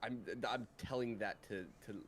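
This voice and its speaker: A man's voice: on the low side, fairly even intonation, moderate pace, a little hiss or hum. A man playing a tabletop game, talking casually and often repeating words. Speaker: player.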